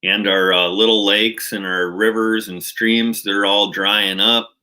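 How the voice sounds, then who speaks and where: A man with a Minnesotan accent chats unhurriedly on a casual livestream. His voice sits a little low, with a bright, forward edge. He rambles and restarts, dotting his talk with fillers. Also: flat delivery, measured pace. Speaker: channel host.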